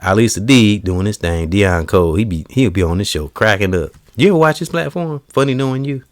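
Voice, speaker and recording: A man's voice: on the low side, expressive, brisk, no echo, studio quality. A man hosting a comedy show, chatting casually and telling stories by acting out cartoon scenes. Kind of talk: casual chat.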